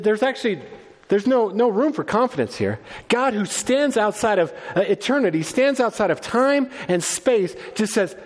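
A man's voice: high voice, big-room sound. A male pastor preaching a sermon, earnest and conversational, often restarting his phrases. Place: church sanctuary.

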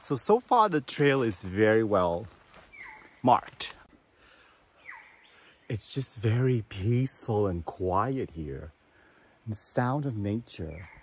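Male travel vlogger, slow and chatty, hiking outdoors, faint background hiss. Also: fairly low pitch, very animated. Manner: unhurried, chatty, enthusiastic asides. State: out of breath while climbing. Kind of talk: hiking vlog narration. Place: outdoors on a forest mountain trail.

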